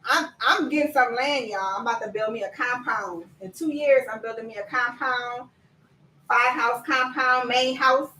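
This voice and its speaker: A woman coaching viewers in a lively live-stream chat, talking to them directly and laughing often. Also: on the high side, normal speed, roomy sound, far from the mic, a little hiss or hum, rough recording. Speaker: business coach.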